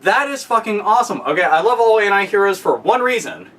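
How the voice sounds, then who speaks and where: A man ranting casually and profanely, excitable, often breaking into loud shouted impressions. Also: sits high, brisk, recorded from a distance. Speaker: podcast guest.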